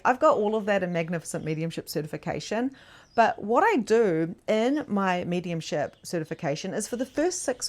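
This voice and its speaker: A woman with a mid-range voice coaches mediumship in a live online masterclass, telling stories in a chatty, animated style, laughing often and using lots of "like" fillers.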